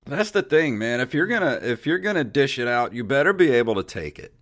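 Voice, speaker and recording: A man's voice: mid-range voice, brisk. A man co-hosting a podcast, telling a long anecdote in casual chat and acting out the people in it. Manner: animated, acts out voices in anecdotes. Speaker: podcast co-host. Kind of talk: casual storytelling.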